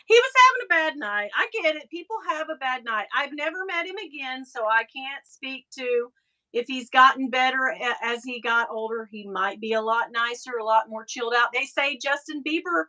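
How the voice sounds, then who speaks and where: A woman with a Southern US accent hosting a casual live chat, animated and quick to laugh as she reads viewer comments. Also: high voice, poor audio. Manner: chatty and animated, laughing often, breaks into mocking voices. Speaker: live show host.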